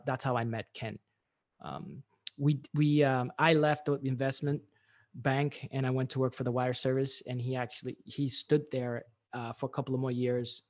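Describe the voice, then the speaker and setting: A man's voice: mid-range voice, a little mellow. A man being interviewed, telling a story animatedly with many fillers and restarts. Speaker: guest, business owner.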